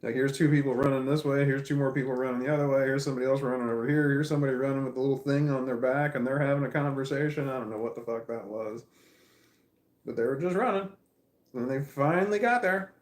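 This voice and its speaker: Guy on a livestream rambling and cussing, roomy echo, mid pitch. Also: fast talker. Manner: rambling, profane storytelling. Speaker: livestream host. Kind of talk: casual livestream chat. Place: living room. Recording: echoey room.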